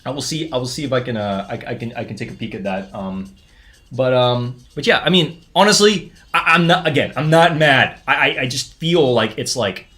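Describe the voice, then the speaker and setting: A man hosting a live sneaker unboxing stream, talking in a casual, excitable way and often stumbling and restarting his sentences. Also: medium pitch, brisk, faint music behind. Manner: excitable, chatty, frequent restarts and stammers. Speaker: sneaker livestream host.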